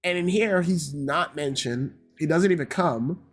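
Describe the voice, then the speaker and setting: A man's voice: fairly high pitch, measured pace, breathy edge. A man giving a casual, ranting review, swearing heavily and sounding exasperated. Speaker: YouTube reviewer.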